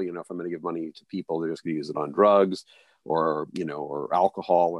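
A man with a very low voice tells a reflective personal story as an interview guest. He talks haltingly, restarting phrases and adding fillers as he goes. The sound is dry and close. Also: a little mellow, dry recording. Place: near a big US city.

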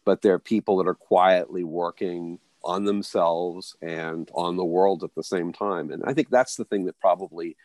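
A man, an interview guest, telling a reflective story in a halting way, full of restarts and fillers. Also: deep voice, mellow, no echo, studio quality. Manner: halting, many restarts and fillers, voices others in stories. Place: near a big US city.

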